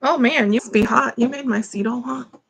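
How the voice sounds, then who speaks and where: A woman's voice: a little high, moderate pace, gravelly, a bit bright. A woman hosting a livestream from her bedroom, apologizing and greeting viewers by name. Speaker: livestream host. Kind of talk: casual livestream chat. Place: home bedroom, at a computer. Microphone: computer mic.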